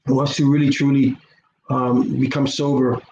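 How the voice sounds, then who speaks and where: A man's voice: medium pitch, little pitch movement, a little slow, darkish tone. A middle-aged man in a casual, rambling vlog monologue, earnest and preachy, often repeating his words. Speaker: YouTuber. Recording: roomy, dull lo-fi sound with faint noise.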